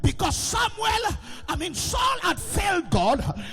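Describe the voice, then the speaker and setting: A man with a Nigerian accent preaching a sermon in a church with a gallery, shouting in a sing-song way and asking the congregation whether they hear him. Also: very high voice, huge pitch swings, slow, vocal fry, in a large hall, faint music behind.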